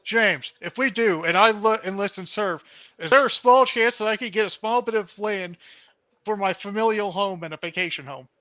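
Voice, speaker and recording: A man's voice: sits high, moderate pace, pushed and bright. A man from Kentucky, a guest in a casual chat, joking along. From Kentucky, USA. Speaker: podcast guest. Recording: dull lo-fi line.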